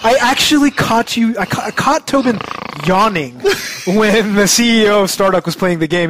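A man's voice: sits high, moderate pace, a bit bright, a little hiss or hum. A man co-hosting a casual gaming podcast, chatty and enthusiastic, laughing often. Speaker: podcast co-host.

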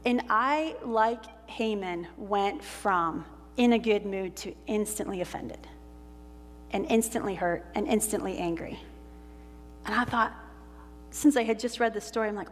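A woman pastor delivering a sermon, telling a Bible story with animated delivery and slowing down for quoted lines. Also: medium pitch, soft background music. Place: church sanctuary. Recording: church hall reverb.

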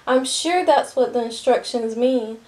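A woman's voice: fairly high pitch, a little slow, darkish tone, close to an everyday voice. A woman reading the lines of a determined young girl who reasons firmly with her brother. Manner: firm, reasoning. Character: determined young girl, sensible older sister.

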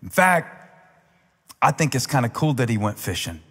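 A pastor delivering a sermon, mixing conversational, wry asides with emphatic, rising passages. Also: male voice, medium pitch, expressive, fast, husky. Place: large church auditorium. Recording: long reverb of a large church hall.

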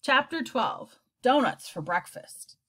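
A woman narrating a children's book aloud in an expressive storytelling style. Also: high voice, slow pace.

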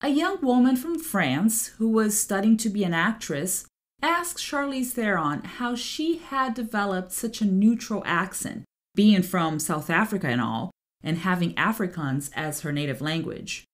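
A woman's voice: medium pitch, animated, a little slow. A woman in her forties, a translator hosting her podcast, reading a prepared monologue evenly with light asides. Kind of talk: scripted solo podcast monologue.

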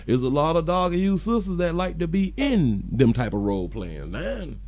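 A man's voice: a little high, sing-song, normal speed, a little mellow. A man hosting a casual live stream, reading viewer comments aloud and joking with a frequent chuckle. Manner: chuckles often, loose and joking.

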